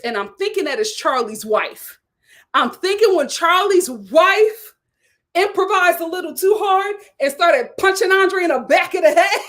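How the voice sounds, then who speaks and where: Woman host doing a casual, animated reality TV recap, high and expressive. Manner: animated storytelling with acted quotes and laughter.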